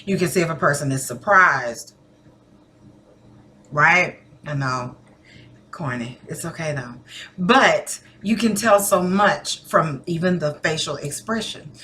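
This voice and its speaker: Speaking slowly in a low register, a woman teacher delivers a recorded lesson to her students. She keeps it casual and conversational, acting out various tones of voice with lively demonstrations.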